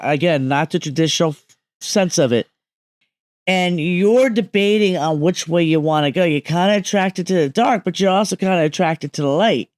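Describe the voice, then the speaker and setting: A woman's voice: deep voice, a little mellow, dry recording, studio quality. A woman speaking as a medium guest on a podcast, explaining emphatically and often checking that listeners follow.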